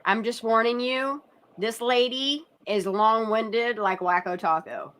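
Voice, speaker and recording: A woman's voice: fairly high pitch, slow pace, a bit bright. A woman hosting casual reaction commentary, blunt and sarcastic, swearing freely and laughing often. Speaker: commentary channel host.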